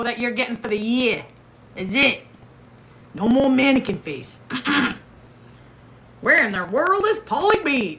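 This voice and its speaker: A woman's voice: fairly high pitch, fairly bright tone. A middle-aged woman hosting a casual livestream, chatting playfully and reading out viewer comments while she waits for a guest. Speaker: livestream host.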